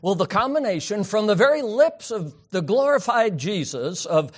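A man preaching a sermon, swinging from loud emphatic peaks down to soft, quiet asides. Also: high-pitched, very animated, moderate pace, few pauses. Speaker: pastor.

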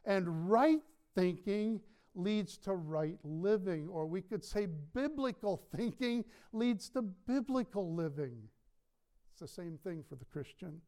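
A male pastor preaching a sermon in a church, emphatic, with slow stressed words and light chuckles. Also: high voice, dark tone, smooth. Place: church sanctuary.

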